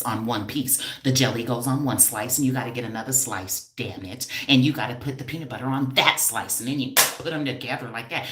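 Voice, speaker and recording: Loud teasing woman live from home. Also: extremely low pitch, echoey room. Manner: loud, teasing, calls out to viewers. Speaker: hair stylist and educator. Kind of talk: casual live stream talk.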